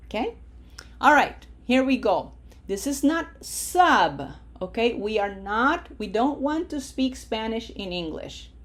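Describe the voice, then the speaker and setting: Woman teaching spanish, real slow and patient, drags out the practice words, keeps asking "okay?". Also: a little high. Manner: slow, drawn-out model pronunciations; patient, encouraging, checks in with "okay?". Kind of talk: language lesson with drills.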